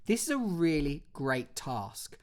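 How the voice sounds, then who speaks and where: A drama teacher, giving an online acting lesson with clear step-by-step instructions and a theatrical, expressive delivery. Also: medium pitch, takes it slowly.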